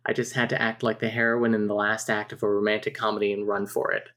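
Woman summing up a novel on a podcast, reads bits out loud, laughs a lot. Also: very deep voice, level tone, fast. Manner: reads out text messages and passages, laughs often. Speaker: podcast co-host recapping a novel. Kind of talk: casual book recap chat.

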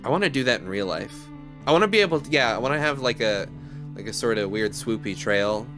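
A man's voice: mid-range voice, expressive, quick pace, a bit bright, soft background music. A man chatting casually and joking with a friend while streaming a game, cursing often. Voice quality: joking, swears freely.

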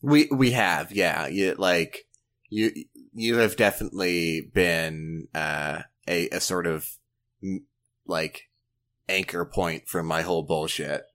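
A man's voice: deep voice, slow, a bit bright. A man from the US Pacific Northwest co-hosting a podcast, talking in a rambling, casual way with swearing and frequent restarts. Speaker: podcast co-host. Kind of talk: casual chat.

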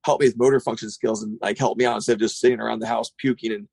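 A middle-aged man who runs a skate shop, chatting casually on a podcast, rambling and profane, with animated retellings. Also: on the low side, very fast, vocal fry, husky, no room sound.

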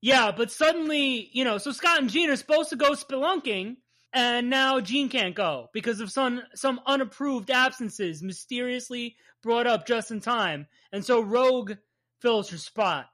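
Bright-voiced man with a Jersey accent. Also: very high-pitched, unhurried. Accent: New Jersey. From New Jersey. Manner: profane, rambling, laughs often. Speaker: podcast co-host. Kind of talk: casual recap chat.

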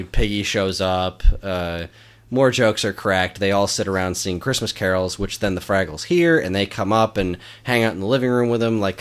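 A man's voice: low voice, fairly bright tone. A man in casual chat, recapping a film with enthusiasm. He laughs often and uses a lot of fillers and restarts.

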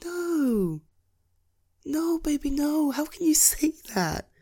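A woman's voice: high voice, sing-song, slow, warm tone. A woman in a whispered role-play as a comforting partner, soothing and reassuring, often breaking into giggles.

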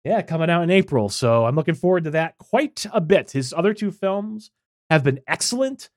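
A man co-hosting a podcast, talking in a blunt, opinionated way with plenty of filler words. His pitch swings widely as he talks. The sound is dry and close to the mic. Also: animated, moderate pace, no room sound. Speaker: podcast co-host. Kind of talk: casual podcast chat.

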